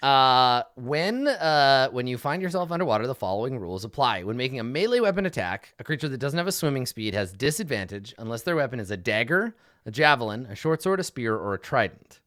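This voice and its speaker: Male game master, energetic and chatty, pitch all over the place, dry mic. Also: brisk, dry recording. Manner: animated, laughing, many fillers. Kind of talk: narrating a tabletop game.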